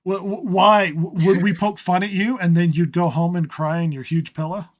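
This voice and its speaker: A man's voice: sits high, a little fast, dark tone. A man co-hosting a gaming podcast in casual chat, joking at his own expense and laughing often. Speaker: podcast co-host. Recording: online call audio.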